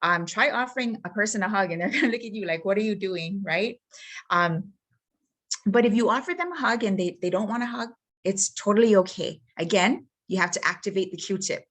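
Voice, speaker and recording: A woman's voice: medium pitch, animated, fairly quick, fairly bright tone. A woman presenting a workshop on helping grieving people, speaking earnestly and often checking in with the listener. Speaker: suicide prevention trainer.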